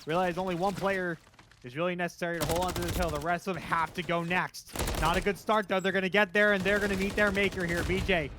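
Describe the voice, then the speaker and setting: Caster: man, high-pitched, excitable play-by-play over loud gunfire from the game. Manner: fast, excitable, rising in big moments. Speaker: esports caster. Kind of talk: play-by-play commentary. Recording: noisy game audio behind.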